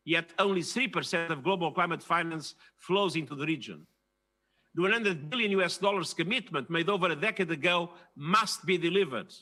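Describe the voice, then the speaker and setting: A man's voice: sits high, bright, forceful tone. Older man giving a formal, emphatic speech. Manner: measured, emphatic, stressing key phrases. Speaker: keynote speaker at a leaders' dialogue.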